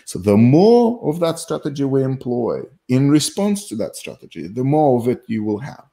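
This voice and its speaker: Guy explaining psych stuff on a live broadcast, middle pitch, lots of stops and restarts. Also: big pitch swings, moderate pace, creaky, dark tone. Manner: thoughtful, self-interrupting, laughs at his own jokes. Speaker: psychologist guest. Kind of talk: explanatory conversational talk.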